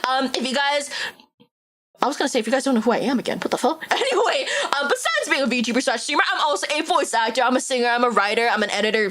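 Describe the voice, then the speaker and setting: Bubbly high-voiced young woman streamer. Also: a bit bright. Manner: bubbly and giggly, quick asides. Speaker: streamer and voice actor. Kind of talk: casual live stream chat, reading a visual novel.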